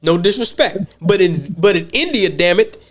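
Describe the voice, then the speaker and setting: A man's voice: high voice, animated, normal speed. An American man hosting a podcast, talking casually in a blunt, profane way, often repeating words as he thinks. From United States. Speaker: podcast host.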